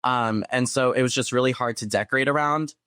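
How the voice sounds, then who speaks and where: A man's voice: mid-range voice, fairly quick, clean tone, no room sound, clean studio sound. A young man from San Diego, a guest on a podcast, chatting casually and telling stories with a laugh. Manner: chatty, laughs often, animated storytelling. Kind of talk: casual chat.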